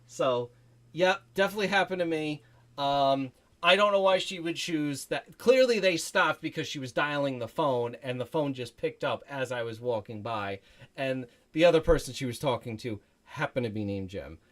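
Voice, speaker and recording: A man's voice: mid-range voice, moderate pace. A middle-aged man hosting a game livestream from home, chatting casually and telling a self-deprecating story, acting out what people said. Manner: rambling, self-deprecating storytelling with acted-out quotes; drops to a soft murmur when talking to a child. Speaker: livestream gaming host. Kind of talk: casual chat to stream viewers. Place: home room.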